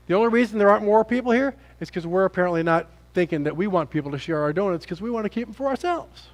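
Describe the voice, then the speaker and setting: An American man preaching a lively sermon as pastor in a church, joking with the congregation and acting out little scenes. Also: sits high. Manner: animated, acts out characters, jokes with congregation. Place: church sanctuary.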